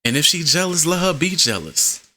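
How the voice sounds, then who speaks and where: Bright-voiced joking gamer man. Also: on the high side, big pitch swings, moderate pace, soft background music. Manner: profane, slangy, joking asides. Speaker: gaming video host. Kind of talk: comedic let's-play commentary.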